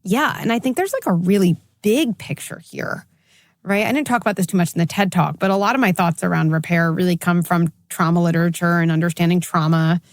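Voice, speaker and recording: A middle-aged woman psychologist giving candid interview answers, animated when she acts out what others say. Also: fairly low pitch, a little fast, no echo, studio quality. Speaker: psychologist guest.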